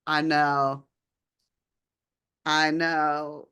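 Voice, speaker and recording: Low-voiced, rambling woman podcast co-host. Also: little pitch movement, extremely slow, bright, forceful tone, clear, resonant tone. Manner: rambling, filler-heavy, laid-back. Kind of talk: casual book-review chat.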